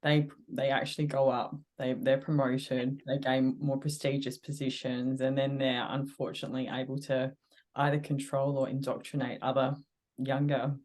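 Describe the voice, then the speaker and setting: A woman interviewer speaks in an even, level tone, echoing back and summing up her guest's points sympathetically. Her voice stays within a narrow pitch range. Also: normal speed. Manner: affirming, sympathetic responses and summaries. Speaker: interview host. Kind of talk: interview conversation.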